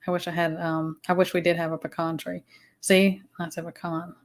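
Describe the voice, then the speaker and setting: A woman's voice: lowish voice, level tone, a little fast. A woman with a Southern US accent, hosting a casual livestream chat, rambling with fillers and restarts. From Southern United States. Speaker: livestream host.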